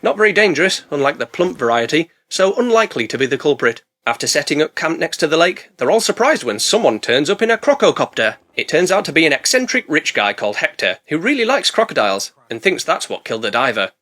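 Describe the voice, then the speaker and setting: A man narrating a comedic film recap, sarcastic and deadpan, full of puns. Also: on the high side, fast, hardly any pauses. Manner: sarcastic, punning, deadpan asides. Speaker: film reviewer.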